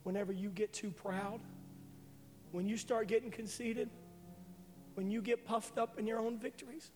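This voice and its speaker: High-voiced preacher in a reverberant hall. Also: male voice, a little fast. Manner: emotional testimony, builds to loud climax. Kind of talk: sermon. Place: church sanctuary. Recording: live hall with reverb and faint music.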